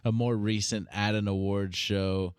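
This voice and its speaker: A man co-hosting a casual podcast chat, halting and chuckling as he talks. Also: on the low side, level tone, clean tone, dry recording, studio quality. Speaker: podcast co-host.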